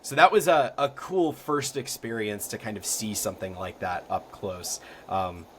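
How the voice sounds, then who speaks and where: A young podcast guest from Florida speaks at a fairly low pitch and moderate pace over a faint hiss or hum. His storytelling is casual and meandering, packed with ums and likes, and grows animated at the exciting parts.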